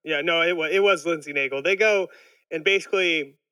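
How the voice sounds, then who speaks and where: A man hosting a casual podcast chat, an animated storyteller who talks with lots of fillers. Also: a little high, brisk, clean tone, no room sound, low-quality recording. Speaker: podcast host.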